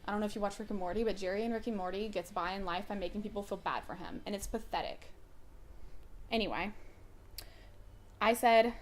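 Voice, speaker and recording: A woman's voice: mid-range voice, a little fast, pauses often, a little hiss or hum. Blunt, indignant young woman vlogger. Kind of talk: storytime vlog, reading messages aloud. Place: indoors at home. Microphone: phone camera.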